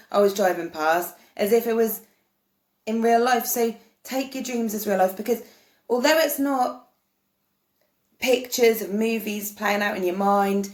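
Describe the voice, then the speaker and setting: A woman talks earnestly to camera about spiritual matters, wandering from thought to thought and restarting her sentences. Her voice sits at an ordinary middle pitch. The room around her gives the sound a noticeable echo. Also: a little mellow. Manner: earnest, meandering, many restarts. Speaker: spiritual vlogger. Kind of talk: casual spoken explanation to camera. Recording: roomy echo.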